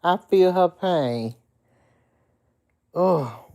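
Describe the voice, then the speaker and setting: A middle-aged woman talks to her live viewers in a soft, tearful, emotional way, venting to them in an easy, chatty manner. She addresses the audience as y'all and reads their comments aloud between her own thoughts. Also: fairly low pitch, expressive, drawn-out words. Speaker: vlogger on a livestream. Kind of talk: casual live-stream chat, reading out comments.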